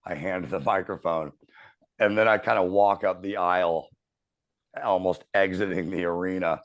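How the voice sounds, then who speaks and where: A man in his thirties telling a profane, animated story as a podcast host in casual chat. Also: deep voice, moderate pace.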